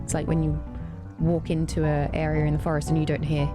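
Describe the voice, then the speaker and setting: A woman's voice: low voice, monotone, brisk, over music. A woman casually commenting as she plays a video game, chatty and easily amused. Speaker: let's play host.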